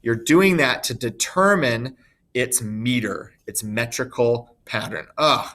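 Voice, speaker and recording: A man teaching a recorded poetry lesson in an informal way, thinking aloud with fillers and self-corrections, and slowly sounding out stressed syllables as examples. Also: medium pitch, fairly bright tone.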